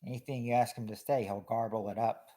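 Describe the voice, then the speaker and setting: A man hosts a casual game night stream, ruling on guesses one after another. His voice sits in an ordinary middle pitch. He talks in a chatty, halting way, restarting words and letting lines trail off quietly. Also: steady tone. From Kentucky. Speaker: game host reading out guesses. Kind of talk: casual livestream game commentary.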